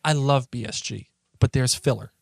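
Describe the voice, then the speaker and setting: A man with a Boston accent, co-hosting a podcast in a rambling, excitable casual chat. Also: medium pitch, moderate pace, gravelly, no room sound, studio quality. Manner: rambling, excitable, many restarts. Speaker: podcast co-host.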